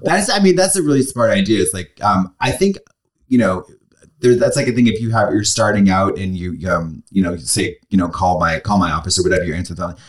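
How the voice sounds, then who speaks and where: A man's voice: on the low side, fairly quick. A man co-hosting a podcast, musing in loose asides during casual chat. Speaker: podcast co-host.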